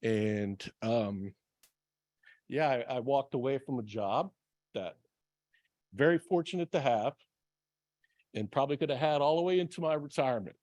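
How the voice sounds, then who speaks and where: A baseball manager in his forties gives an earnest, plain-spoken personal speech to a club audience, with many ums. His medium-pitched, darkish voice moves at a moderate pace with long pauses, and the recording is dry.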